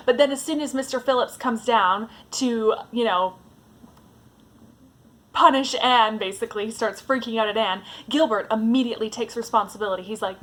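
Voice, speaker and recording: A woman's voice: fairly high pitch, animated, a little fast, fairly bright tone. A woman giving a casual, chatty vlog talk as a book vlogger, with a fond tone and lots of "like"s.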